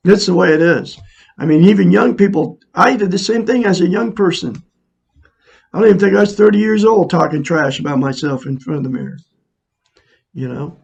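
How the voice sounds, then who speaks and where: Older man in his 60s, gravelly and husky, slightly high, earnest and preachy, talking straight to camera. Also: brisk, darkish tone, muffled recording. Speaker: self-help vlogger. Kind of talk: casual monologue to viewers. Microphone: camera mic, looking into a mirror.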